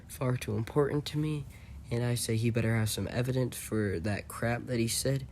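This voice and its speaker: A man's voice: medium pitch, fairly even intonation, normal speed, darkish tone, slight background noise. A man talking over screenshots in a rambling, mocking, self-assured commentary voice-over. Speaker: channel host.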